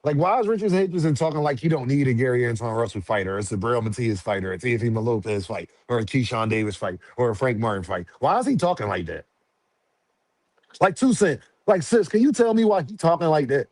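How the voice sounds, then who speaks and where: A man's voice: mid-range voice, fast talker, no room sound. A man on a casual livestream, talking boxing in heavy slang and answering his chat directly. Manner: slangy, animated, talks back to chat. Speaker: boxing commentary streamer.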